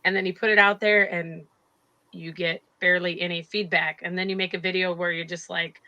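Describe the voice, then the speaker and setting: Bright-voiced woman co-hosting a chat. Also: lowish voice, little pitch movement, lo-fi sound. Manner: chatty, with halting restarts. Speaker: co-host. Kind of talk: casual chat.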